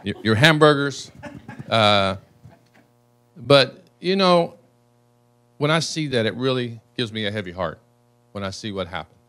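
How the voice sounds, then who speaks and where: A man's voice: mid-range voice, animated, a little slow, pauses often, fairly bright tone. A congressman from the United States speaking earnestly and emotionally at a town hall.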